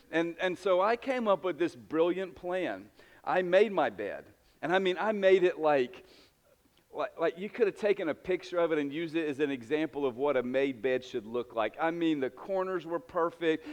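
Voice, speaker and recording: A middle-aged man preaching a sermon in a church, telling stories in a self-mocking, conversational way with frequent restarts. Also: high voice. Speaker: pastor. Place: church sanctuary.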